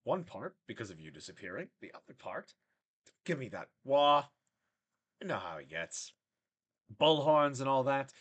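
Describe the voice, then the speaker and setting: A cocky younger tiefling brother who needles his sibling with a smug, mocking tone, as a man voices him in a generic fantasy accent. His delivery bounces around lively in pitch. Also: normal speed, pauses often.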